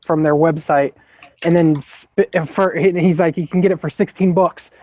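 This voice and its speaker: A man's voice: fairly high pitch, steady tone, moderate pace, mellow. A man co-hosting a livestream, telling a rambling story in a laid-back way. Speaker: co-host. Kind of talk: casual chat. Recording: dull lo-fi call audio.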